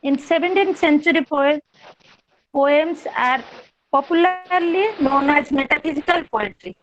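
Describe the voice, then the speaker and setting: A woman giving an online class lecture, measured and explanatory, repeating key terms. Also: high-pitched, a little hiss or hum. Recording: dull lo-fi online call audio.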